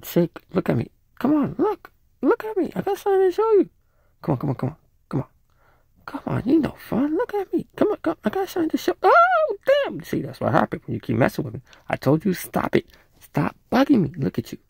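A man voicing a boastful, bossy streetwise tomcat who talks in quick slang. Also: very high voice, wildly swooping pitch, creaky, dry recording, heavily acted. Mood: teasing. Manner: slangy, bossy and fast-talking.

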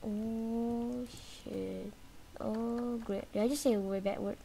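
Excitable woman narrating her gameplay. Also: on the high side, takes it slowly, vocal fry, a little hiss or hum. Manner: animated, talks trash to the game's chaser, sudden yelps and shrieks. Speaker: gaming video creator. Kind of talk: live gameplay commentary.

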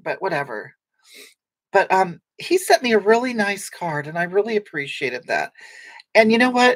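A woman performs a brash, boozy livestreamer who rambles through viewer comments and snaps back with sarcasm. Her mid-pitched voice sounds dry and close to the mic. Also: no room sound, lightly acted. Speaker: livestream comedy character. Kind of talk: improvised comedic livestream chat.

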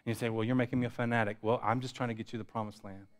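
A pastor preaching a sermon, building intensity through repetition and dropping to quiet asides. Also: male voice, medium pitch, level tone, very fast. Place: church sanctuary.

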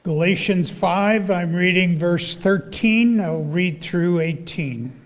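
Slow-speaking pastor losing his voice. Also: sits high, in a large hall. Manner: slow, measured, pausing with fillers. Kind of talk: church announcements and scripture reading. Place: church sanctuary.

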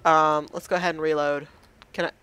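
A woman's voice: sits low, little pitch movement, fairly quick, a bit bright, smooth. A woman playing a horror game and commenting casually, nervous and self-mocking, talking to the game. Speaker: let's play gamer.

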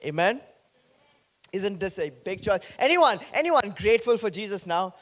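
A man pastor preaching an animated sermon, joking with the congregation. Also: high-pitched, normal speed.

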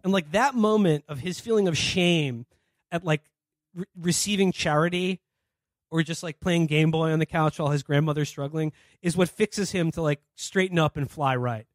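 A man's voice: on the high side, normal speed, no room sound, clean studio sound. A man co-hosting a casual comedy podcast, swearing freely, laughing, and acting out scenes as he retells them. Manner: profane, laughing, acts out quoted characters. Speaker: podcast co-host.

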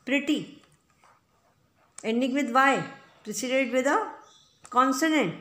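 Her voice sits high with a sharp tone as this woman slowly teaches an English grammar lesson in an echoey room. She's patient and repetitive, explaining the rules and checking in often with "right?" and "okay?".

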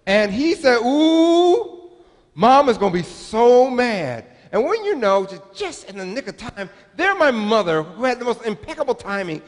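A man in his forties preaches with a high, lively voice that swoops up and down. He tells stories in a chatty, humorous way that draws the congregation in. His words ring with the long reverb of a church sanctuary. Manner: animated, humorous, chatty storyteller. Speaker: pastor. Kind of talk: sermon with personal storytelling.

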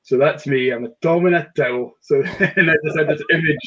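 A man's voice: fairly high pitch, a little fast, a bit bright, husky, muffled recording. A man hosting a casual whisky chat, talking with frequent "um"s and restarts. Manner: hesitant, many fillers and restarts. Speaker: whisky shop host.

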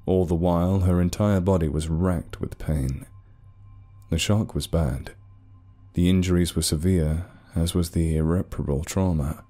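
Deep-voiced male story narrator. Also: warm tone. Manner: measured, dramatic storytelling.

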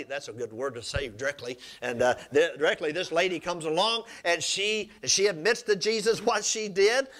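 A man preaching a sermon, retelling scripture stories and asking the congregation for amens. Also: sharp tone. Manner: storytelling preacher, calls for amens, pitch swings up and down.

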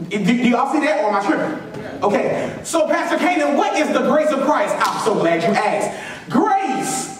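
A man's voice: very high-pitched, very animated, moderate pace, very echoey, far from the mic, a little hiss or hum, low-quality recording. A man preaching a sermon as pastor, repeating his lines and calling on the congregation to answer back. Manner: call-and-response preaching, repeats lines for emphasis. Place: church sanctuary.

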